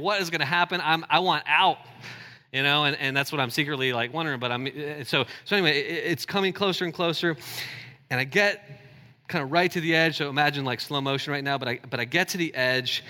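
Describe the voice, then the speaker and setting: A man preaching a sermon to a live congregation, telling a personal story in an animated, self-deprecating way with frequent restarts and asides to the audience. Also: fairly high pitch. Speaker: pastor. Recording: long hall reverb.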